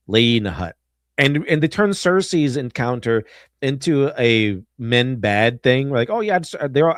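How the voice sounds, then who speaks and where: A man's voice: medium pitch, dry recording, clean studio sound. A man hosting a stream, rambling through casual film commentary in a sarcastic tone, full of fillers and restarts. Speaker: stream host.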